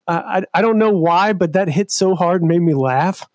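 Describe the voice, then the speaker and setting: A man's voice: sits high, normal speed, no room sound. A man co-hosting a podcast, rambling hesitantly with lots of filler and giggles. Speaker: podcast co-host. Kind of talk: casual banter.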